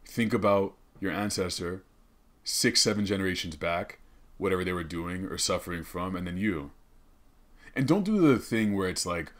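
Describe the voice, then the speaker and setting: A man's voice: sits low, animated, moderate pace, a bit bright. A man hosting a comedic podcast monologue, rambling, swearing a lot and laughing often. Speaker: podcast host. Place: studio.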